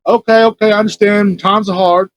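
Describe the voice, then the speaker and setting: A man voicing a loud, erratic street addict who is needy one moment and hostile the next, in a shrill voice. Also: fairly even intonation, brisk, natural voice. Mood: wheedling.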